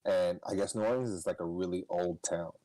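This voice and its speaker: A young man on a podcast, casually telling a story, swearing and laughing, his voice jumping high when he gets excited. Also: a little fast, dry recording, low-quality recording. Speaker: podcast co-host.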